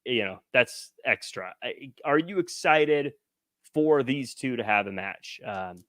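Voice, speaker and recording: A man's voice: mid-range voice, lively intonation, slow, fairly bright tone, no room sound, studio quality. A man co-hosting a wrestling podcast, chatting casually and laughing easily. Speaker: podcast co-host. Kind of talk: casual chat.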